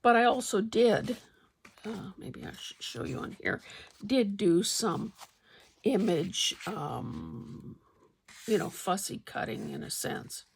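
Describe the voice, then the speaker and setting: A woman's voice: mid-range voice, expressive, slow, vocal fry, slight background noise. A woman hosting a casual crafting vlog, showing her projects in a rambling, conversational way with frequent fillers. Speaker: crafting channel host. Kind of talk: casual show-and-tell vlog.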